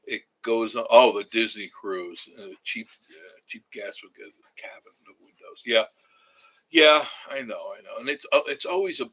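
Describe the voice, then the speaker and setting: A man's voice: medium pitch, normal speed, fairly bright tone, husky, rough recording. A man, chatting casually on a livestream from his cabin and reading viewer comments aloud in a rambling way. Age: 70s. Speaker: livestream host. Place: home cabin.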